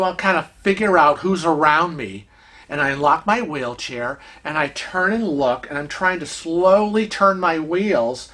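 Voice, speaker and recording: A man's voice: on the high side, pushed and bright. A man vlogging, telling a travel story in a casual, exasperated way and acting out the voices of people he quotes.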